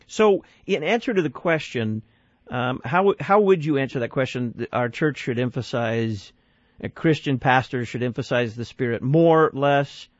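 A man's voice: mid-range voice, animated, moderate pace, no echo. Guy hosting a call-in radio show, emphatic, stacks up his points, dry muffled sound. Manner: thoughtful, emphatic, builds points with lists. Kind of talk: call-in talk radio discussion.

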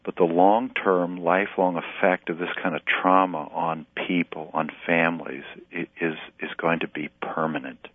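A man, a pastor and relief director, speaking in an earnest, halting way in a radio interview by phone. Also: low voice, level tone, no room sound. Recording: tinny phone line, dry.

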